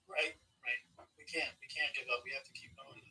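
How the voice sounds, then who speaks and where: A man's voice: medium pitch, steady tone, fairly quick, vocal fry, pushed and bright, breathy edge, rough recording. A man calling in to a live show, chatting enthusiastically about politics and laughing often. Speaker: caller. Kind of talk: casual political chat.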